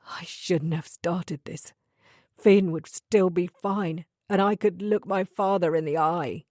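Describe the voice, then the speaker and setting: A young man in a storybook thriller, distraught and hoarse, his lines breaking into halting whispers, as a woman puts him on. He speaks slowly and low, and the recording is dry and close. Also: a little mellow, dry recording. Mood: despairing.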